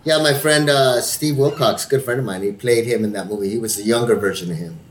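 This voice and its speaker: A man's voice: medium pitch, brisk. A man in casual podcast chat, joking and swearing as he talks, often breaking into laughter. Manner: profane, laughing, jokey. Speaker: podcast co-host. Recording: roomy echo, faint room noise.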